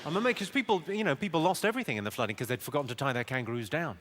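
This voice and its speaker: Deadpan English comedian, lively higher voice. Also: male voice, rapid-fire, a little hiss or hum. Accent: southern English. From England. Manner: dry, deadpan one-liners with a sly teasing edge. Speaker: stand-up comedian. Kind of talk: stand-up comedy with crowd work.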